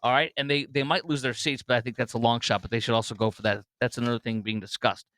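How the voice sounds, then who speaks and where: Smooth-voiced male political talk host. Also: medium pitch, steady tone, quick pace, a bit bright, no room sound. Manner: rambling, heavy with fillers and restarts.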